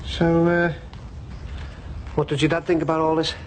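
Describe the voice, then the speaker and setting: An actor playing a chatty middle-aged shopkeeper who fancies himself a comic, rambling through jokes with many fillers in a TV soap drama. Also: male voice, on the high side, level tone, moderate pace, slight background noise, close to an everyday voice.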